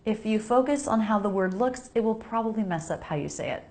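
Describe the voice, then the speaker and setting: A woman with an American accent teaching pronunciation, modeling each sound slowly and repeating words for the listener to copy. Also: mid-range voice, lively intonation. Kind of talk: slow pronunciation lesson.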